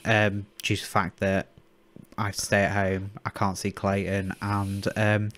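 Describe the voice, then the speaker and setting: A man's voice: on the low side, monotone, unhurried, a bit bright. A young man, co-hosting a casual chat podcast and rambling with many restarts. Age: young adult. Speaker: podcast co-host.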